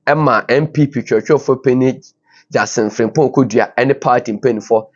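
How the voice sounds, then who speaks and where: Hosting an online news program, a Ghanaian-accented man reads out comments from viewers in a husky, medium-pitched voice that stays steady at a moderate pace. He moves back and forth between Twi and English with informal asides, and the recording sounds dull and lo-fi.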